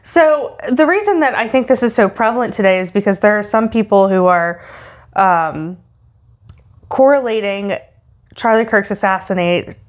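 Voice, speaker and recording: A woman with a mid-pitched voice co-hosts a casual podcast chat. She talks hesitantly, with many pauses and filler sounds between her thoughts. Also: expressive. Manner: hesitant, many ums and uhs. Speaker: podcast co-host.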